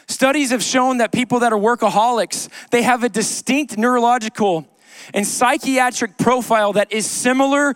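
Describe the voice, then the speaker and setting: A man's voice: very high-pitched, a bit bright, no room sound, clean studio sound. A man preaching a sermon to a congregation in church, conversational, with joking asides and repeated key lines. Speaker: pastor. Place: church sanctuary.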